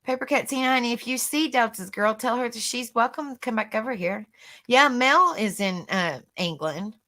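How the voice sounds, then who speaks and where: A woman with a bright, forceful voice sitting a little high in pitch hosts a casual live stream. She chats with her panel in loose, repetitive bursts and laughs easily. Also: moderate pace. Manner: chatty, repeats herself, laughs easily.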